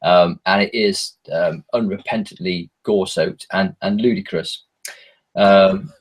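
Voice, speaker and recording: An English horror author chats casually as a podcast guest, hesitating with many ums and making self-mocking asides. His voice is fairly low and husky.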